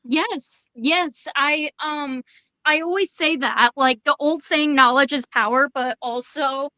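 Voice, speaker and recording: High bright-voiced young woman, hesitant. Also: slow, no room sound, poor audio. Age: 20s. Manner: hesitant, many fillers and restarts. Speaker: interview guest. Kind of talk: casual interview chat.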